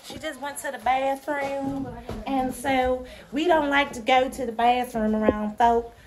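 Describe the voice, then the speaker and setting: A woman's voice: high voice, steady tone, a little slow. A woman joking and greeting viewers on camera. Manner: playful, shouting out to viewers.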